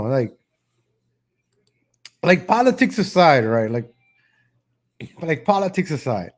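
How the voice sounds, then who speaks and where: High-pitched mocking streaming man. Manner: mocking, rambling, with frequent restarts. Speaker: live-stream political commentator. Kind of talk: casual live-stream commentary.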